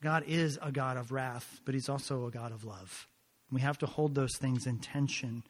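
A man's voice: mid-range voice, moderate pace, big-room sound. A man preaching a sermon as a pastor, emphatic and conversational, often asking rhetorical questions and adding asides.

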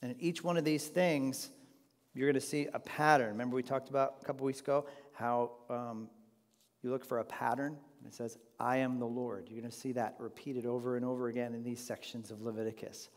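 A man's voice: medium pitch, steady tone, a little fast, in a large hall. A man leading an informal Bible study class, talking conversationally and putting questions to the group.

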